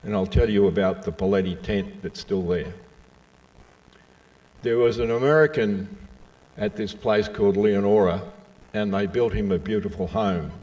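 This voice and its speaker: An older man from Western Australia, telling stories and jokes to a live audience in a slow, folksy way with asides to the crowd. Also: on the low side, a little mellow, recorded from a distance, highs cut off. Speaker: speaker giving a talk.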